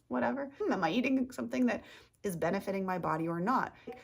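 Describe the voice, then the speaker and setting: A woman's voice: medium pitch, animated, a little fast, creaky. A woman talking to camera in a casual rambling monologue as a self-help vlogger, tripping over her words, losing her train of thought and giggling.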